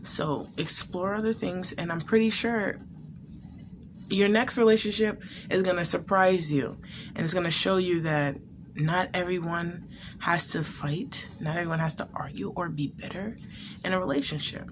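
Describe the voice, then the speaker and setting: A woman's voice: fairly low pitch, moderate pace, noisy background. A woman giving casual commentary as a reaction video host, thinking aloud with frequent restarts.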